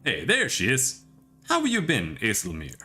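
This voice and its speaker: A man voicing a fierce, brash woman spirit who speaks in a rough, put-on brogue. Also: mid-range voice, wildly swooping pitch, normal speed, bright, forceful tone, faint music behind, full character voice. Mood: defiant. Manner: rough, mock brogue, defiant.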